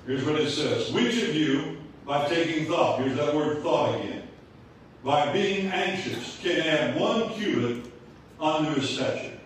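A man's voice: a little high, unhurried, a little hiss or hum. An older man from South Africa with a South African accent, preaching a sermon full of rhetorical questions and humorous asides. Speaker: pastor. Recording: echoey hall, voice from a distance.

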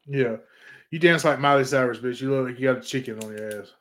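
A man's voice: mid-range voice, fast, fairly bright tone. A man, a podcast guest who throws in crude, joking remarks. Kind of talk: casual podcast chat.

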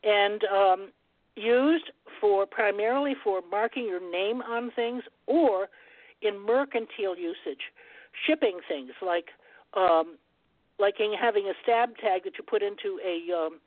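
A woman's voice: mid-range voice, unhurried. A woman speaks as a guest on a phone-in radio show, rambling and digressive, and she signs off each turn with "over". Her voice comes through a tinny phone line. The sound is dry, with no room echo. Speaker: guest rune scholar.

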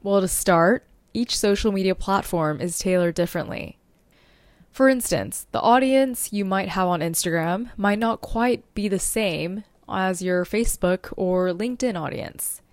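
A woman's voice: medium pitch, unhurried, no room sound, studio quality. A young adult woman hosting a solo podcast as a social media strategist, talking in an upbeat, informative way and now and then tripping over her words.

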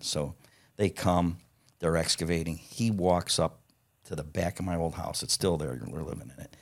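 A man's voice: low-pitched, creaky, a little mellow. A middle-aged man telling stories in a casual interview, blunt and profane, often laughing as he talks. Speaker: guest, parts company founder.

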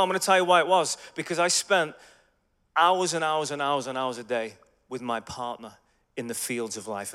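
A man preaching a sermon full of stories, conversational and energetic, swinging between loud bursts and hushed asides. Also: medium pitch. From Ireland. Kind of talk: sermon with storytelling. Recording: long hall reverb.

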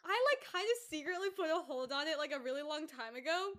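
Giggly high-voiced young woman. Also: quick pace. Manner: giggly, animated, teasing. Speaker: co-host. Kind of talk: casual chat. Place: home at night.

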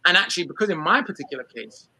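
Emphatic British man with a husky voice. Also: sits high, lively intonation, pushed and bright, no echo, low-quality recording. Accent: British English. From England. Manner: fast, emphatic, many restarts. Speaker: speaker on race and class. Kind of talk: talk to an audience.

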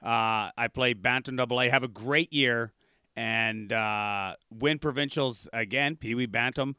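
A man telling hockey tales in a loose, animated way, loudly acting out the people in his stories. His voice is smooth and resonant, and the sound is dry and close. He is middle-aged and from Canada. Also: medium pitch, measured pace, no room sound. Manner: animated storyteller, acts out quotes loudly. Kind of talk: casual storytelling chat.

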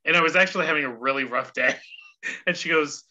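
Bright-voiced man, chatty podcast host. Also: on the high side, fairly quick, dull audio. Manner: animated, laughs often, voices quotes. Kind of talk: casual chat.

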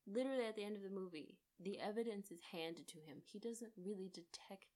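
A woman co-hosting a casual podcast chat, gushing enthusiastically and quick to laugh. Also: mid-range voice, a little mellow. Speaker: podcast co-host. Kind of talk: casual chat reviewing a film.

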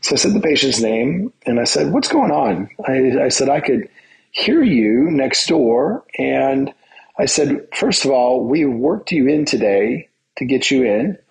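A man's voice: medium pitch, lively intonation, a little slow, vocal fry, low-quality recording. A middle-aged man, a dentist hosting his own show, casually telling a story from his workday and acting out the dialogue. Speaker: dentist and podcast host.

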